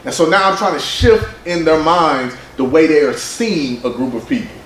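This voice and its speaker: Animated man with a slightly high voice, giving a slide talk in a roomy hall. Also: moderate pace, a little hiss or hum. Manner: animated, conversational, quotes people in voices. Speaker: presenter at a men's summit. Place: conference room. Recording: roomy hall sound with faint ambience.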